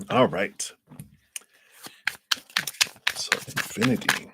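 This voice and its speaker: Deep-voiced chatty tarot reader, a man. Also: sing-song, drawn-out words, gravelly, fairly bright tone, slight background noise. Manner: chatty, laughs often, thinks aloud with "I just feel like". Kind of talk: live-stream card reading.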